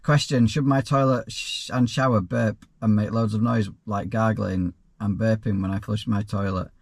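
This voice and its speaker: In a casual Q&A vlog, a self-employed plumber and YouTuber works through viewer questions in a fairly low, creaky voice at normal speed. His relaxed, unpolished delivery wanders, with restarted sentences and dry offhand remarks, and there's no echo.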